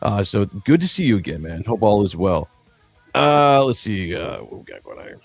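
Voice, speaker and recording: A man's voice: fairly low pitch, wildly swooping pitch, normal speed, gravelly, no room sound, soft background music. A man hosting a livestream, chatting in a rambling, jokey way and laughing often. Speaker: livestream host. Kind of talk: casual livestream chat.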